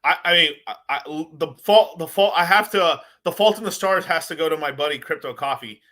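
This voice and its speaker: A man's voice: a little high, fairly quick, bright, forceful tone. A man hosting his own crypto video, rambling in a loose, profane rant with lots of swearing and laughter. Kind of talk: casual profane rant to camera.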